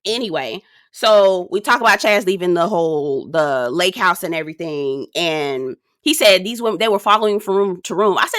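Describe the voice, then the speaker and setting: A woman giving a sassy, animated recap and review of a reality dating show. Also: medium pitch, fairly quick, dry recording, studio quality. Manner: sassy, animated, drops into quoted voices. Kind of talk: casual commentary recap.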